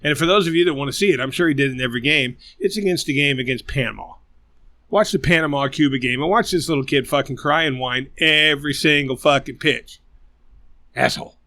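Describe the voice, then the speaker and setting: A man's voice: on the high side, fairly quick, pushed and bright, dry recording. A man with a Midwestern American accent co-hosting a podcast, ranting in casual banter with lots of profanity. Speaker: podcast co-host.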